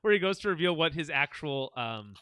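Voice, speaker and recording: A man co-hosts a casual recap podcast, his pitch swinging widely as he gets animated. His voice is bright and forward, and the sound is dry and close. He laughs often and swears casually. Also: fairly quick, clear, resonant tone, dry recording. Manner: animated, laughs often, quotes characters in asides. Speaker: podcast co-host.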